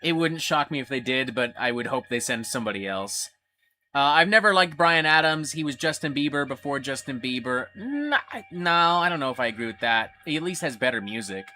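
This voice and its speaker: A man's voice: mid-range voice, animated, fairly quick, bright, forceful tone. A man hosting a casual livestream. He reads viewer questions aloud and answers them with blunt, swear-filled rants. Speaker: livestream host.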